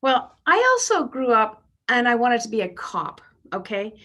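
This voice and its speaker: A woman in her fifties works through a stand-up set with a bright, forward voice pitched a little high. She is brash and self-deprecating, and she leans into bawdy punchlines. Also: big pitch swings, moderate pace. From Canada. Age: 50s. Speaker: stand-up comedian. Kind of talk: stand-up routine.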